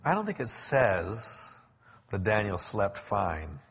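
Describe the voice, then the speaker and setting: A man preaching a sermon in a conversational way, explaining with pauses and restarts, in a church. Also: lowish voice, big pitch swings, fairly bright tone, slightly rough. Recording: echoey hall, dull lo-fi sound.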